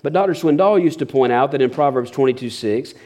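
A middle-aged pastor preaching a sermon in an earnest tone. His voice sits at a medium pitch, and he often repeats a word as he restarts a thought. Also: fairly quick, darkish tone.

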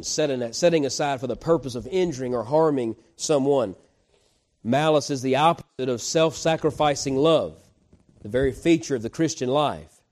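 Folksy preacher with mellow voice. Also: male voice, mid-range voice. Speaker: pastor. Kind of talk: sermon.

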